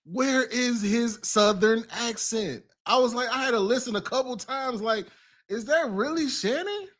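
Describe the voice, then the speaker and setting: A man riffing on the news in casual reaction commentary. His voice sits high and he takes his time, slangy and quick to exclaim or laugh. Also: a bit bright.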